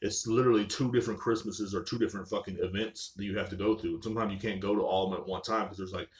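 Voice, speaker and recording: A man's voice: fairly low pitch, steady tone, rapid-fire. A young man hosting a casual solo podcast, telling rambling, profane stories full of "like" and "you know what I'm saying". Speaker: podcast host.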